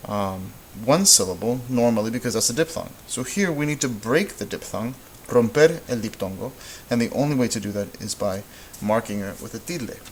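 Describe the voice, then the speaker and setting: A man teaching Spanish in a relaxed, patient way, thinking aloud as he works through examples. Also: fairly low pitch, moderate pace, hardly any pauses, a little hiss or hum, low-quality recording. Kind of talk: informal classroom explanation.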